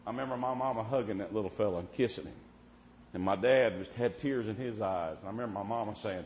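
A man's voice: lowish voice, quick pace, darkish tone, slight background noise. A male preacher with a drawl tells homespun stories from the pulpit and works them into fervent preaching, with "Amen" between his lines. His voice carries through a roomy church, and the recording sounds a bit dull, with faint ambience behind him. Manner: folksy, punctuates with "Amen", preaches with rising fervor. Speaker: preacher at a revival meeting. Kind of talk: storytelling sermon.

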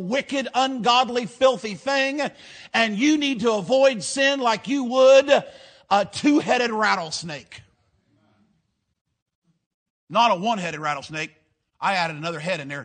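Male preacher, high voice, rhythmic rhyming delivery, shouts for emphasis. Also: moderate pace. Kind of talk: fiery sermon.

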